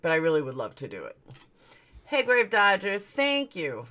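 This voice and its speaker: A woman's voice: medium pitch, wildly swooping pitch, moderate pace, a bit bright. A woman hosting her own livestream, chatting casually and joking as she greets viewers by name. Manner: greets chat viewers one by one; chatty, joking, laughs at herself. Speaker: livestream host.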